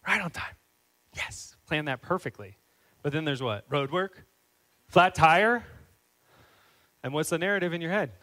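Higher-voiced man preaching fervently. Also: lively intonation, moderate pace, pauses often, sharp tone, low-quality recording. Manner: earnest, climbs into fervent emphatic questioning. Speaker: pastor. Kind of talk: sermon.

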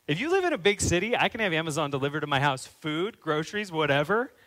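A man delivers a sermon from the pulpit in a somewhat raised, higher-pitched voice. He talks earnestly and then climbs into fervent, pressing questions. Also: very animated, fast talker, fairly bright tone, low-quality recording. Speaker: pastor.

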